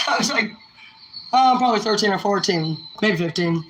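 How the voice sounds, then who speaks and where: Laid-back and casual, a young woman tells rambling personal stories full of profanity, her voice medium in pitch and moderate in pace. The mic sits at a distance, giving roomy echo and a little faint noise.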